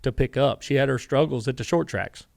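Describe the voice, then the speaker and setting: Gravelly middle-aged Southern man telling stories. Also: mid-range voice, fairly quick, no room sound, clean studio sound. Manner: rambling anecdotes, quoting himself and others with many "I said". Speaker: guest, former racing crew chief. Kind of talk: casual storytelling interview.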